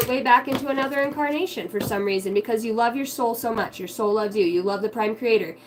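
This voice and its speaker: A woman's voice: fairly high pitch, fast talker, hardly any pauses, poor audio. A woman giving a casual, heartfelt spiritual monologue, candid and swearing freely. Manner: acts out quoted voices in her stories. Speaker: spiritual vlogger.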